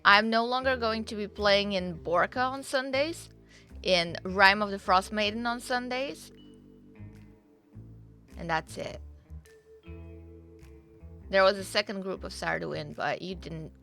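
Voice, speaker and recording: A woman's voice: mid-range voice, slow, pauses often, sharp tone. A young woman streaming live, chatting casually and rambling to her viewers with fillers and the odd swear. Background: faint game music.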